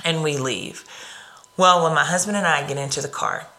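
A woman's voice: sits low, moderate pace, sharp tone. A woman from the United States hosting a podcast, telling a personal story in an earnest, reflective way. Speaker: podcast host.

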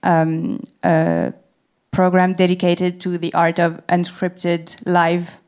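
A woman's voice: fairly low pitch, takes it slowly, a little mellow. A woman whose first language is French, interviewing a guest in English on a festival stage, friendly and laughing often.

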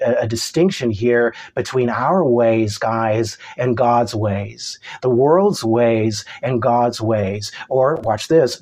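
A man's voice: mid-range voice, darkish tone. A man preaching a sermon, emphatic, repeating key phrases and breaking in with praise.

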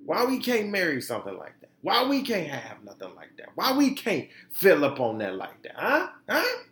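A man's voice: on the high side, wildly swooping pitch, moderate pace, a bit bright, reverberant, voice pushed up, exaggerated voice. A man mimicking a whiny, pestering little boy in a mocking podcast bit.

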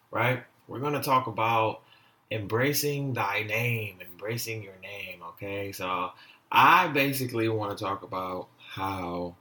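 A young man hosting a casual solo podcast, telling a story with animated, exasperated swings up in pitch. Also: reverberant. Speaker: podcast host.

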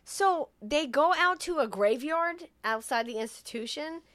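A woman's voice: high-pitched, expressive, unhurried, a bit bright, no echo. A woman casually retelling a film plot on a podcast, acting out the characters' lines as she goes. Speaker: podcast co-host recapping a film. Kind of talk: casual chat.

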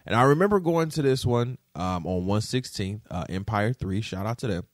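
Animated man telling a story. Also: on the low side, normal speed, no echo, studio quality. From Detroit. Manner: animated, profane, keeps checking in with the audience. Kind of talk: casual storytelling to camera.

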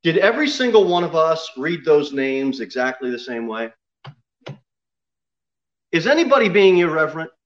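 Joking pastor, slightly high voice. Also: male voice, very animated, normal speed, long pauses, lo-fi sound. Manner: joking, self-deprecating, repeats himself. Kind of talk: sermon. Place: church sanctuary.

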